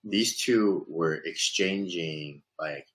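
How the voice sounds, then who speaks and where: A man in casual conversation about faith, getting animated when retelling others' words. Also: deep voice, slow, low-quality recording. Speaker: church member guest. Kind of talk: casual chat.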